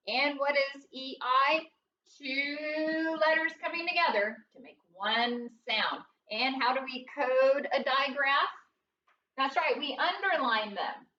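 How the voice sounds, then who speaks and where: Casting note: woman, early-grades phonics teacher, patient sing-song delivery, bright tone, recorded a bit off-mic in a roomy space with a dull sound. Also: high-pitched, distant mic, slight background noise. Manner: patient, sing-song teacher voice, asks questions and answers them. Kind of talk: classroom phonics lesson.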